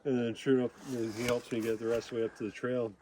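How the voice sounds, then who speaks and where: Man spinning a lively hunting yarn outdoors. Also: mid-range voice, rapid-fire, noisy background. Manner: animated, quotes people with small voice changes, chuckles. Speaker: hunter telling a story. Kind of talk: casual storytelling. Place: outdoors in the woods.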